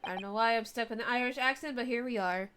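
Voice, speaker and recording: A woman streaming a game, reacting emotionally and excitedly to the story. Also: on the high side, fast talker, noisy background. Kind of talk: let's play commentary. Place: home streaming setup.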